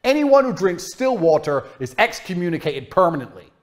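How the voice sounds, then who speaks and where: A man delivers a brash, profane rant, mocking and boastful. His voice sits somewhat high and swings widely in pitch, rising and dropping as he presses each point. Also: sing-song, moderate pace. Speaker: internet personality. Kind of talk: ranting monologue clip.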